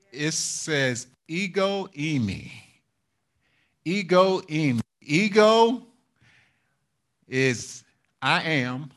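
A man preaching a sermon in a high voice. He speaks slowly and deliberately, repeating key phrases for emphasis. He often turns to his listeners for agreement and laughs lightly between points. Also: a bit bright. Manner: repetitive, asks the congregation for responses; chuckles often while preaching. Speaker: pastor.

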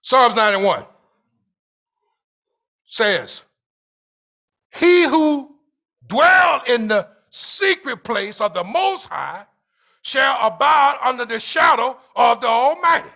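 A man preaching with a high, bright and gravelly voice, climbing into shouts and stretching words out slowly. He calls out to his congregation and waits for them to answer. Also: very animated. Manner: preaching with shouts and drawn-out phrases. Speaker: pastor. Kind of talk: call-and-response sermon.

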